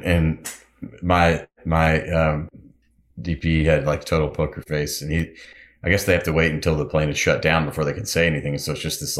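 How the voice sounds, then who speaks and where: A man, a musician and pilot, telling casual anecdotes in an interview with lots of fillers and restarts. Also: rumbling low. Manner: rambling, filler-heavy anecdotes.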